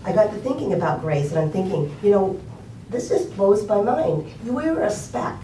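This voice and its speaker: A woman's voice: mid-range voice, very animated, normal speed, dark tone, echoey room, distant mic, a little hiss or hum, low-quality recording. An older woman telling an inspirational story in a conversational way, with fillers and emphatic repetition. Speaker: speaker.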